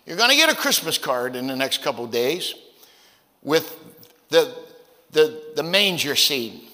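A man preaching a sermon as pastor, telling stories in a folksy, conversational way, with stammered repeats, dropping low and then rising to loud, emphatic peaks. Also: big pitch swings, unhurried, long reverb tail. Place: church sanctuary.

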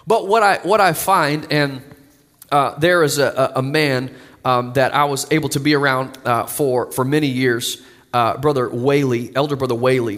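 A young adult male pastor preaches a sermon in a church sanctuary, his medium-pitched, fairly bright voice earnest as he builds to emphatic declarations. The church hall's long reverb carries through the recording.

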